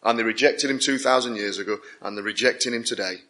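A man's voice: lowish voice, fast, pushed and bright. A man preaching a sermon, driving his points home with repeated phrases that build in intensity. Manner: emphatic, repetitive build-ups with rising intensity.

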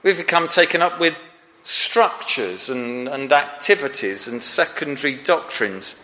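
A man's voice: medium pitch, expressive, a little slow, sharp tone, big-room sound. A man preaching a sermon to his church, earnest and pressing the listeners with direct questions.

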